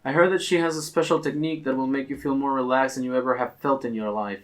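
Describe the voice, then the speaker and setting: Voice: medium pitch, steady tone, quick pace, lightly acted. A game player voicing an impatient woman stuck in a long line, grumbling and exasperated, reading game dialogue aloud.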